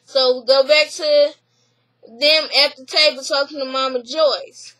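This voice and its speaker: A woman's voice: sits high, a little slow, low-quality recording. A woman casually recapping a reality show, laughing and acting out the people she quotes. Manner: laughing, animated retelling with voiced quotes.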